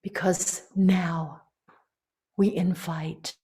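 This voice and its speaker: A woman leading a guided meditation in a soft voice that drifts into whispers. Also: lowish voice, level tone, very slow. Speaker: ceremony leader.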